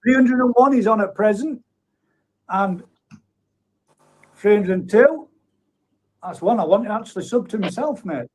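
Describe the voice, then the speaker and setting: A man's voice: high-pitched, lively intonation, normal speed, long pauses. A man hosting a live stream, chatting in a matey way and reading out viewer comments with frequent chuckles. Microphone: streaming setup at a computer.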